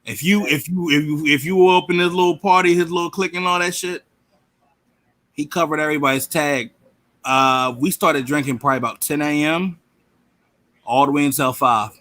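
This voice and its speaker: A man chatting as a podcast guest, telling animated, profane stories with lots of banter. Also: a little high, a little fast. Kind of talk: casual chat.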